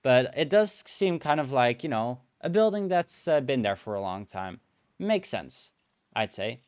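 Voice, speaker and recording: A man streaming a building game, musing aloud in relaxed commentary and filling pauses with hums and playful nonsense sounds. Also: mid-range voice, smooth, dry recording. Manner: slow, musing talk to himself, hums and playful filler sounds.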